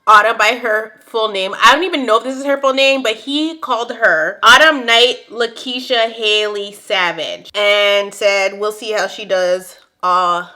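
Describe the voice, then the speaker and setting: A young woman recapping a TV episode in casual chat, animated and quick to laugh, with dramatic exclamations. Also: medium pitch. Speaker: TV show recap host.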